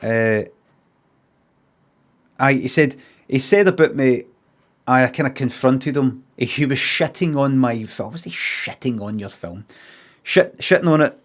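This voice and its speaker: A medium-pitched Scottish man streams a story as a casual, foul-mouthed rant, acting out each side of an argument in quick asides.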